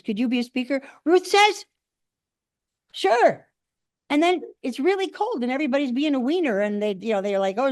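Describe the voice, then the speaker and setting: A woman's voice: sits high, no room sound, clean studio sound. An older woman giving a humorous speech at a speaking club, acting out the quotes in her stories. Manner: animated storyteller, acts out quotes. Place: meeting room.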